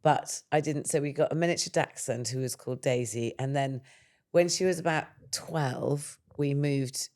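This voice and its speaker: A middle-aged woman hosts a casual podcast. She tells a family story in an animated way and laughs through it. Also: rumbling low, moderate pace. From England. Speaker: podcast host.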